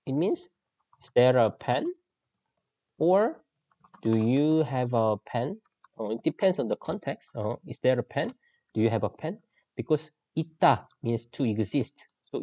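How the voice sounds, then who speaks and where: A man's voice: medium pitch, warm tone, no room sound, muffled recording. Korean-accented man teaching with patient repetition. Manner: patient, repeats key phrases, mixes Korean words into English. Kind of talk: online language lesson.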